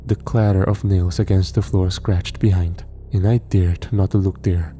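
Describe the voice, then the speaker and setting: A man narrating a horror story in a measured storytelling manner. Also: low voice, dark tone.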